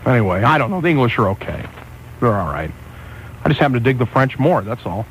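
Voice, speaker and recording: A man's voice: mid-range voice, big pitch swings, fast talker, slight background noise, low-quality recording. A man hosting a talk radio show, ranting and rambling in casual banter. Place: radio studio.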